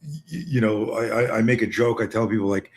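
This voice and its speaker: A fairly quick, lowish male voice with a Canadian American accent carries this casual video call chat. As co-host he's rambling and emphatic, with frequent restarts.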